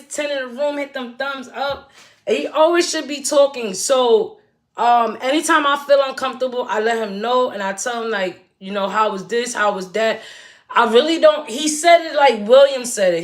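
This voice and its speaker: A woman in her forties hosts a casual livestream, speaking directly to her viewers in a chatty, emphatic manner. Her voice sits high and a bit bright.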